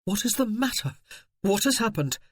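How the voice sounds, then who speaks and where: Reader doing calm, protective officer husband, firm, unhurried. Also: male voice, sits high, breathy edge, no room sound, clean studio sound, voice pushed up, heavily acted. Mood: worried. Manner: maddeningly calm, firm, reassuring. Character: steady male military officer, calm and protective.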